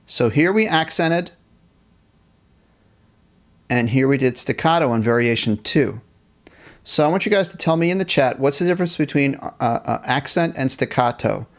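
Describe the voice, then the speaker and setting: A man's voice: mid-range voice, lively intonation, normal speed, pauses often. A man teaching a live online band class, cheerfully reading chat questions aloud and encouraging students. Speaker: music teacher.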